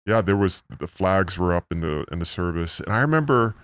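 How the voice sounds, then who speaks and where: A man in his forties, a missionary guest, telling his story in a rambling, earnest way through a pitch-altered disguise. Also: expressive, brisk, a bit bright, smooth, no echo, studio quality. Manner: earnest, rambling, full of "like" and "you know". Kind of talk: casual storytelling interview.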